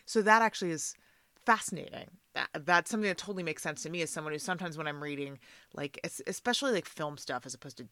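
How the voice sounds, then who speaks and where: A woman with a lowish, bright voice gives emphatic opinions in a casual chat. She often stops mid-thought and restarts. The recording is close and dry. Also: animated, fast talker, no echo. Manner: opinionated, emphatic, self-interrupting. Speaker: guest, actor.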